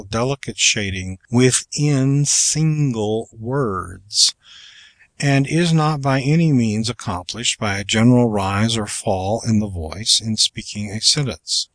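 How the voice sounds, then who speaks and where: A man reading aloud from a public speaking manual in a measured, deliberate way. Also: mid-range voice, fairly bright tone, no echo. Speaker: audiobook reader.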